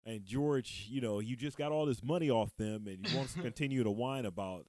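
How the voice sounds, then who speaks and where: A man's voice: medium pitch, expressive, moderate pace, few pauses, darkish tone, dry recording. A man hosting a podcast in casual chat, rambling with many fillers and laughing often. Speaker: podcast host.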